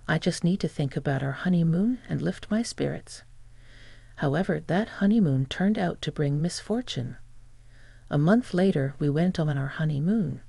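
A steady, scripted narration of a first-person story, told by a narrator who reads the quoted lines in the same even voice. The tone sits on the dark side, with a gravelly, husky edge, and the room gives back no echo at all. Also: medium pitch.

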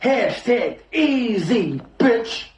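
A man performing an aggressive battle rap verse, taunting his opponent with rapid-fire insults. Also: very high-pitched, sing-song, a little mellow, reverberant. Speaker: battle rapper.

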